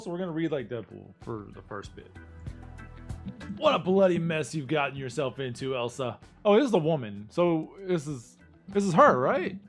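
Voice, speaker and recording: A man streaming live, chatting casually in a playful, self-mocking way. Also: a little high.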